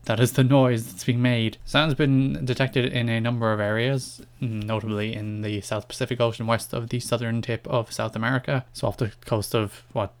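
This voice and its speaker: A young man with an Irish accent talks through his solo podcast in a loose, wandering way. He is chatty and casual, and drifts from one thought to the next with wry asides about himself. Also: mid-range voice. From Ireland. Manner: rambling, chatty, self-deprecating asides. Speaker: podcast host.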